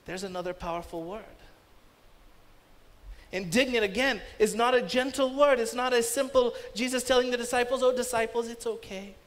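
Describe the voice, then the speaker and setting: A man's voice: extremely high pitch, steady tone, normal speed, a bit bright. A man preaching a sermon as pastor, emphatic and rising sharply when he voices commands. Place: church. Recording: long reverb of a church hall.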